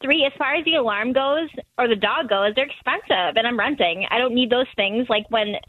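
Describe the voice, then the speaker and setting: A woman's voice: on the high side, a little fast, phone-quality sound, noisy background. A young woman on the line, defensive and emphatic, with lots of "like" as she argues her side. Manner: defensive, emphatic, says "like" a lot. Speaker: caller.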